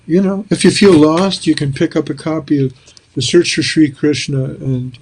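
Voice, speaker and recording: Older man, animated storyteller. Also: on the high side, normal speed, breathy edge. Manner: animated, acts out quoted dialogue. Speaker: interview guest, spiritual author. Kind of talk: casual storytelling conversation. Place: small room with a wall of books.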